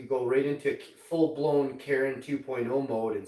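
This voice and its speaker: A man's voice: medium pitch, fairly even intonation, normal speed, few pauses, warm tone, echoey room, recorded from a distance, low-quality recording. A man in his forties streaming live and chatting with an AI assistant in a profane, rambling, mocking way. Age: 40s. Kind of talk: casual chat with an AI assistant.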